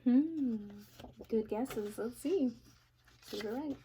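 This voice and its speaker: A woman reading a picture book aloud, pausing to ask the listener questions. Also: on the high side, mellow, slight background noise. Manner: asks the listener questions, playful. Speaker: reader.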